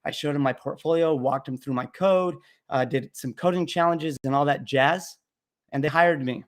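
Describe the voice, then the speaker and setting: A young man runs a casual live Q&A about learning to code. He answers bluntly, cracks jokes, and rambles a bit with ums and uhs, in a voice pitched a little above the usual male range. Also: normal speed. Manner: blunt, joking, rambling with fillers. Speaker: livestream host answering coding questions.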